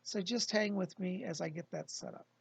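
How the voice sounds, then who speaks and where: A man, a psychic medium, talking casually and calmly to his viewers from his home, explaining and reassuring. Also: high voice, moderate pace, gravelly, husky, no echo. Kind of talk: casual livestream talk.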